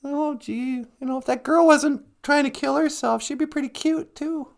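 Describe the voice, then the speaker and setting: A man's voice: extremely high pitch, fairly even intonation, normal speed, creaky. A man hosting a livestream, retelling a film as a casual, jokey, rambling story with many self-corrections. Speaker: livestream host.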